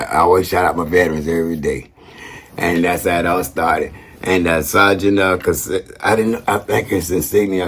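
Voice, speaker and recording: A man casually talking to camera as a vlogger, upbeat and rambling, with lots of slang and a habit of tacking "man" onto his sentences. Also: sits low. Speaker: vlogger shouting out veterans.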